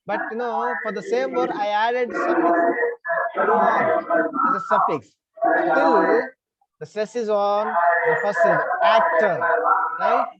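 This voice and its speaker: A male teacher, giving an online class over a video call, explaining slowly and calling on students. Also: high-pitched, a loud crowd. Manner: explains slowly, repeats questions, calls on students. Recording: slightly muffled online class audio.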